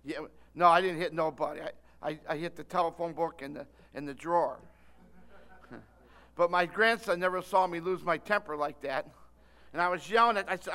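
An older man preaching a sermon, telling a story with lively delivery and calling on listeners by name. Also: sits high, normal speed, long pauses.

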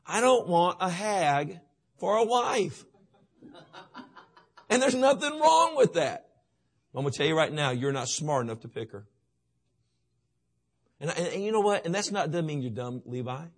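A man's voice: a little high, big pitch swings, measured pace, long pauses. A man preaching a sermon to teenagers, emphatic and repetitive, often asking his listeners questions. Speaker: youth pastor.

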